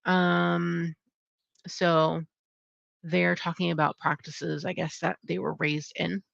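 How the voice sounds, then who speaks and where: A woman's voice: on the low side, flat delivery, slow pace, vocal fry, fairly bright tone, no room sound. A young adult woman hosting her channel, casually chatting through upcoming book releases in a rambling way with lots of fillers. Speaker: channel host. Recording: dull lo-fi sound.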